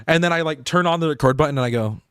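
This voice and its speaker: A young adult man chatting casually on a game stream, rambling with lots of fillers and quick laughs. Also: on the high side, a bit bright, clear, resonant tone, no room sound, studio quality. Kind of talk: casual live-stream chat.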